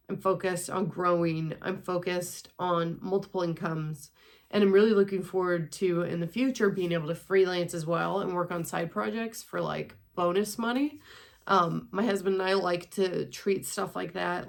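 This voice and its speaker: A woman's voice: lowish voice, vocal fry. A woman in her twenties talking casually in a rambling vlog while walking on a treadmill at home. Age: 20s. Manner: chatty, rambling, sprinkled with swearing. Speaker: vlogger.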